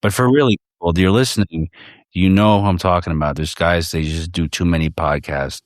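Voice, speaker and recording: A man as podcast guest in casual chat, rambling and halting with frequent restarts and some swearing. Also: deep voice, dry recording, studio quality.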